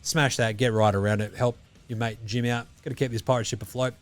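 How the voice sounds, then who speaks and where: A man's voice: mid-range voice, fairly even intonation, brisk. A man with an Australian accent hosting a basketball podcast in casual, profane, blokey banter. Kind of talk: casual sports chat.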